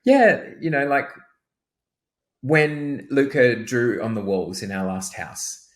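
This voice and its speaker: A man talking as a guest on a casual podcast, hesitant and loose, jumping high when he imitates others. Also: slow.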